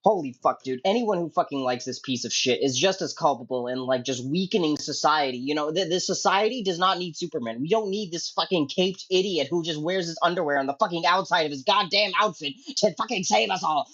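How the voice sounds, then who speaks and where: A man delivering a comedic angry rant as an online commentator, profane and explosive, swinging between low mutters and sudden yelling. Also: brisk, hardly any pauses, lo-fi sound.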